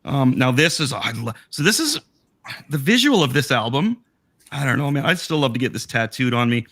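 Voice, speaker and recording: A man in casual chat over a video call, his voice going a bit hoarse, rambling excitedly as he shows off his collection. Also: medium pitch, a little fast. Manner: excited, rambling, self-interrupting. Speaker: collector showing memorabilia.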